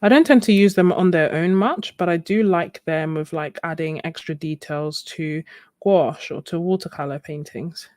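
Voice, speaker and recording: A woman's voice: deep voice, moderate pace, darkish tone, no echo. A young woman chatting casually with viewers while she paints on a live stream, laughing often. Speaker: live-stream art host.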